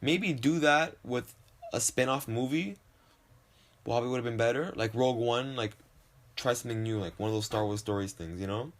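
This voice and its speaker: A man's voice: medium pitch, moderate pace. A young man with a slight lisp hosting a solo podcast from his desk, rambling and swearing, often poking fun at himself. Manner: rambling, profane, self-deprecating. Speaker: podcast host. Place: home desk.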